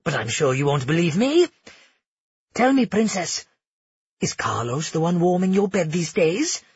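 A man doing a sneering, higher-voiced assassin prisoner. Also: big pitch swings, extremely slow, a little mellow, breathy edge, no echo, muffled recording, heavily acted. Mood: sneering taunts. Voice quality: mocking, sneering. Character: sarcastic male former assassin prisoner, taunting.

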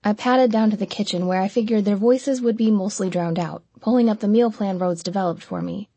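A woman narrating an audiobook in the first person, with an even, measured reading and close miking. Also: medium pitch, breathy edge, no room sound.

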